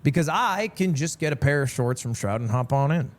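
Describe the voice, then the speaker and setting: A man telling a story in a deadpan, mock-serious way, acting out quotes along the way. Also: medium pitch, fairly quick. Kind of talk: casual storytelling.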